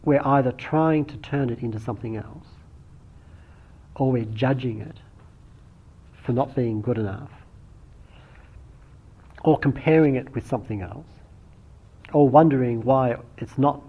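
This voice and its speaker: Man, meditation teacher, slightly husky, reflective dharma talk with restarts, dull lo-fi recording. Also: mid-range voice. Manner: thoughtful, unhurried, with frequent restarts.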